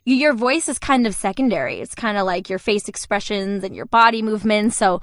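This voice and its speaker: A woman's voice: medium pitch, expressive, fairly quick, dry recording, studio quality. A young woman in her twenties, a voice actor telling stories in a casual interview, chatty and often laughing. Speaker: voice actor guest.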